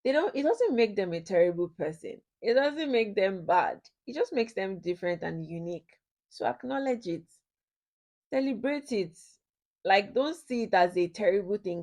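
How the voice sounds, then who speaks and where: A woman's voice: mid-range voice, animated, normal speed, darkish tone. A woman giving a ministry teaching on marriage, who repeats her key points and puts questions to her listeners. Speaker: ministry speaker.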